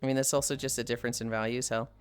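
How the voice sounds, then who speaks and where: A woman's voice: very deep voice, fairly even intonation, racing, clean tone. A woman streaming live while on a walk, chatting bluntly with friends and reading chat aloud. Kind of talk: casual livestream chat while walking.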